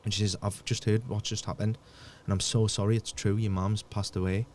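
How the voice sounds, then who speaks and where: A man, a podcast guest, telling a painful personal story in a halting way, often repeating words and dropping almost to a murmur. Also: on the low side, level tone, a little mellow, slight background noise.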